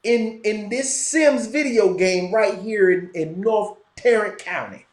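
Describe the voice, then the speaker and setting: A man's voice: sits high, slow, echoey room. A man with a Southern Florida twang talking emphatically in a casual conversation, repeating himself for effect. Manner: animated, emphatic, repetitive. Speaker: podcast guest.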